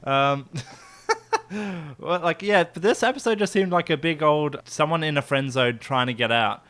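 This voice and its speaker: A man's voice: fairly high pitch, normal speed, fairly bright tone. A man hosting a casual comedy podcast, telling rambling stories with frequent giggles. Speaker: podcast host.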